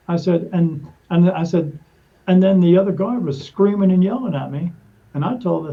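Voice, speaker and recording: A man, a podcast guest, telling a story in casual conversation, animated, acting out quoted dialogue and often restarting his sentences. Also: a little high, moderate pace, gravelly, lo-fi sound.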